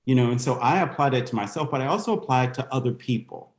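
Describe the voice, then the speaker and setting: A man's voice: medium pitch, fast, reverberant. A man speaking as a guest in a candid interview, reflective and thinking aloud with restarts. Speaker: guest dancer.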